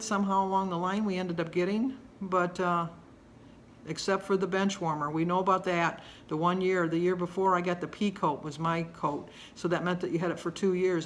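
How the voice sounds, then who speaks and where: A woman's voice: fairly low pitch, steady tone, fairly quick, a little hiss or hum. A woman in her sixties chatting casually to camera at home, rambling and homey in her delivery. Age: 60s. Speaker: vlogger.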